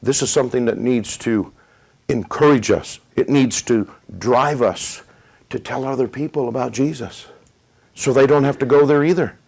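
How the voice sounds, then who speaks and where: A middle-aged male preacher telling a testimony in a sermon. He paces the story with dramatic pauses, then pushes his voice up for emphasis. His pitch sits in an ordinary middle range for a man. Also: gravelly, a little mellow, low-quality recording.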